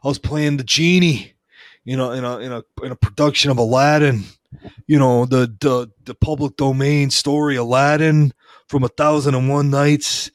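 Man, rambling deadpan storyteller, constant filler words, dry close recording. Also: medium pitch, normal speed, dry recording. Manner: rambling, heavy with fillers and restarts. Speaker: former wrestling referee telling stories.

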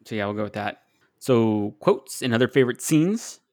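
A man co-hosting a podcast, relaxed and joking, quoting favorite movie lines. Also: medium pitch, normal speed, dry recording, clean studio sound. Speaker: podcast co-host. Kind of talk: casual chat.

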